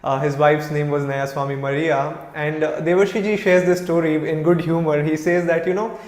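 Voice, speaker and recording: A man's voice: a little high, fairly even intonation, moderate pace. A man in his thirties with an Indian accent, a monk giving an informal spiritual talk, telling stories and acting out quoted lines with many "you know" fillers. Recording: echoey room with a long reverb.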